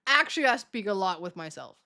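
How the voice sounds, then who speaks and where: A woman's voice: mid-range voice, sing-song, fast, bright, forceful tone. A young woman streaming, chatting casually to her viewers, self-mocking and laughing often as she acts out conversations.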